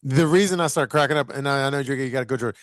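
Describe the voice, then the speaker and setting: An easygoing man hosting a podcast, talking loosely with plenty of fillers and murmurs of agreement. His voice is mid-pitched and recorded dry and close. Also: rapid-fire, no echo. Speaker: podcast host. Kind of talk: casual chat.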